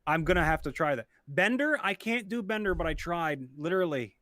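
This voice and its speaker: Lively bright-voiced man, animated. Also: high voice, a little fast, no room sound, studio quality. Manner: animated, swearing freely. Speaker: narrator and voice actor. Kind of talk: casual live-stream chat.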